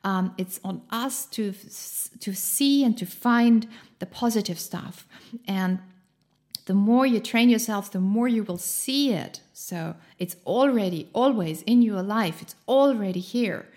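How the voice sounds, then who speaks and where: A woman's voice: medium pitch, a little slow, a little mellow. A woman giving a casual motivational talk in an encouraging, chatty way, laughing often and using many fillers.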